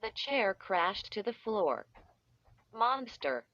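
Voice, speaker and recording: A woman reading a children's story aloud in a deliberate way, stretching out the sound effects, with dull, slightly muffled audio. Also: mid-range voice, lively intonation, fairly bright tone. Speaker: audiobook reader. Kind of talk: scripted storybook narration.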